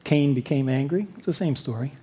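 A man's voice: mid-range voice, fairly quick, warm tone, slightly rough. A man preaching a sermon, telling a story with rhetorical questions.

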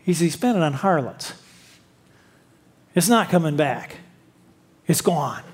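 A man's voice: a little high, animated, measured pace, husky. A man preaching a sermon, telling a story with rhetorical questions.

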